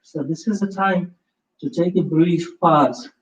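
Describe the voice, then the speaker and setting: A man leading a live yoga class, giving calm, slow, step-by-step cues with prompts to breathe. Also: fairly high pitch, a little hiss or hum. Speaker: yoga instructor. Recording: roomy, distant, slightly dull sound.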